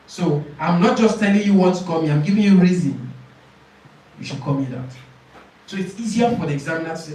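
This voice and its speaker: A male IELTS speaking coach teaches a class. His voice sits slightly high and reaches the mic from a distance. It rings through a very echoey room while he models answers and checks whether students follow. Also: lively intonation, a little fast, long pauses, mellow. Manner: repeats phrases, asks "Do you understand?".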